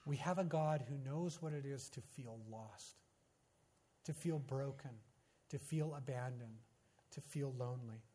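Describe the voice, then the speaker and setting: A man preaching a sermon as pastor, telling a personal story with earnest emphasis and quiet, hushed phrase endings. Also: medium pitch, a little slow.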